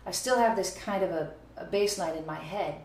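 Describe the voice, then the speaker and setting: Chatty woman teaching, lowish voice. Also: moderate pace. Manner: counts beats and scats phrases aloud. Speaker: music teacher. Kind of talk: casual video lesson. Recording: echoey room with faint noise.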